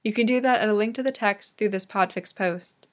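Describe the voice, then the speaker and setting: Woman calmly narrating a fan audiobook. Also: medium pitch, a little fast. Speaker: reader.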